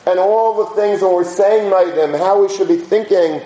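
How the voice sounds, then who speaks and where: High-voiced man giving a roomy lecture. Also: normal speed, warm tone. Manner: informal, anecdotal, sprinkled with Hebrew and Yiddish terms. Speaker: Jewish religious teacher. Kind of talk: conversational Torah lecture with stories. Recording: roomy echo.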